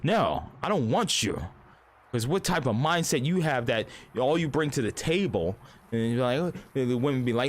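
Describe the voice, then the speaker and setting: In a medium-pitched, animated voice at a moderate pace, this thirty-something streamer rambles profanely through his stories. He frequently slips into impressions of other people while chatting casually on his livestream.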